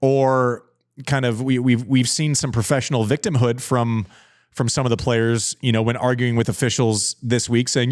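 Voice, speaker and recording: A man's voice: medium pitch, steady tone, normal speed, no room sound, clean studio sound. A man hosting a podcast in casual chat, candid and self-deprecating, often repeating himself while he thinks. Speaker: podcast host.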